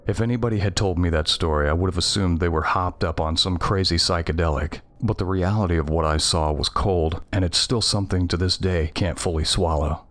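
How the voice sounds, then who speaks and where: A man's voice: low-pitched, a little fast, hardly any pauses. A man narrating a first-person horror story in a tense, scripted reading.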